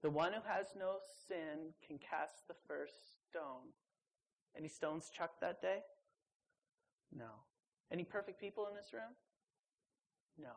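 A woman preaching a sermon to a live audience. She speaks emphatically and conversationally, with teasing asides and sudden jumps into high voices for quotes. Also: a little slow, long pauses, a little hiss or hum.

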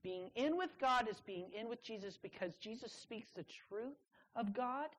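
A young adult woman preaching a sermon to students, leaning hard on key words with drawn-out pauses. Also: a little high, expressive, poor audio.

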